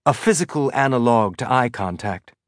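Male narrator, mid-pitch, steady audiobook read, dry close mic. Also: normal speed, dry recording.

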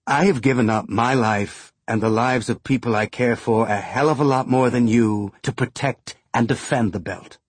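A man voicing a hardened male rebel leader who speaks softly and gives clipped commands, in an audiobook. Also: mid-range voice, normal speed, hardly any pauses, breathy edge, dry recording, natural voice. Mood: growling. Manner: soft, controlled, clipped commands. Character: older male revolutionary leader, calm but menacing.

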